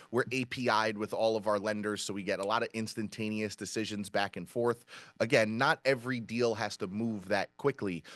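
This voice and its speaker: A man's voice: fairly low pitch, fairly bright tone, no room sound. Upbeat man with a dry sound. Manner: upbeat, peppers sentences with "right?". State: out of breath. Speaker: company VP presenting a webinar. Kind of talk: energetic webinar presentation.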